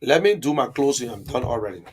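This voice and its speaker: A man's voice: medium pitch, expressive, fast, husky. A man hosting a political live stream, answering viewer comments in an emphatic, repetitive and argumentative way.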